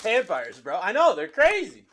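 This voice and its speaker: Man, high voice, live card-break host, hyped, chatty, rattling off player names. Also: huge pitch swings, moderate pace, a bit bright, slight background noise. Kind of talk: livestream card-break calling.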